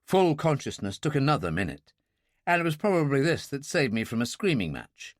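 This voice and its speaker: A man narrating a first-person thriller audiobook in a dry, measured, wry way. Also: mid-range voice, big pitch swings, no echo.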